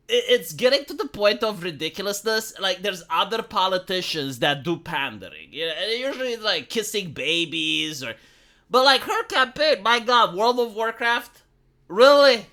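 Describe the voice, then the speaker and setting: Romanian-accented male streamer, sarcastic rant, bright forceful tone. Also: sits high. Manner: sarcastic, filler-heavy, ranting. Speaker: live streamer. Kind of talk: casual political rant.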